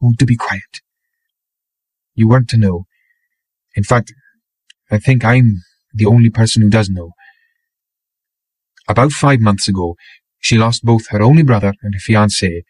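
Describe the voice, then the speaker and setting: A man reading an audiobook, voicing a blunt, caring young woman who talks in a brisk, chiding way. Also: lowish voice, darkish tone, no echo. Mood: earnest.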